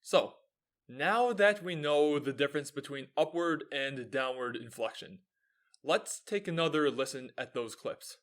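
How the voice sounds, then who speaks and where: In his own video show, a young adult host with an American accent gives lively, upbeat explanations in a lecturing way. His voice is fairly high and fairly bright, and he speaks unhurriedly.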